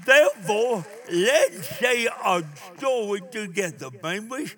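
An older man preaching a sermon, emphatic, with call-and-response and drawn-out phrases. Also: high voice, expressive, sharp tone.

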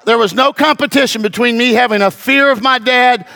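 A middle-aged man preaching a sermon as pastor, with rising emphatic bursts and a gravelly voice. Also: very high voice, fairly quick, sharp tone.

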